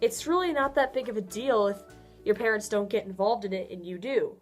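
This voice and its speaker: A young woman giving casual advice in a vlog, chatty and laughing often, her pitch swinging up and down. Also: brisk, faint music behind. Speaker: vlogger.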